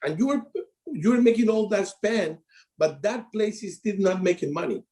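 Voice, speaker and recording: A middle-aged man with a Latino accent telling his story on a call, animated and in broken English. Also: high voice, moderate pace. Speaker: insurance advisor. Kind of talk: casual call talk.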